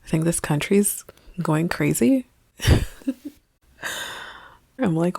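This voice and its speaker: A woman with a low, gravelly voice talks slowly in a reflective vlog monologue, often slipping into a soft half-whisper as she muses. She is a spiritual coach, recorded close and dry with no room around her. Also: animated, dry recording.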